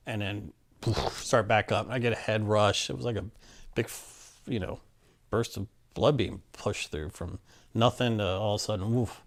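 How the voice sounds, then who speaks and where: A man from Maryland being interviewed, telling a personal story in a plainspoken, rambling way and acting out the back-and-forth of old conversations. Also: on the low side. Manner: plainspoken, rambling, acts out quoted exchanges.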